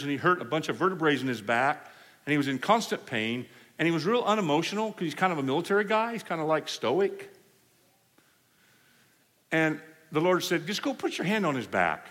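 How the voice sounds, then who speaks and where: A man preaching a sermon, telling healing stories in an animated way and acting out the people he quotes. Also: fairly high pitch. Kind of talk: storytelling sermon. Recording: hall reverb.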